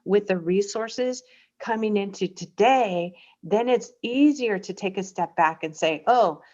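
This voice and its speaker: Reflective woman guest on a muffled line. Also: medium pitch. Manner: reflective, explanatory, with gentle searching pauses. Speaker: guest expert. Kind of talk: radio interview.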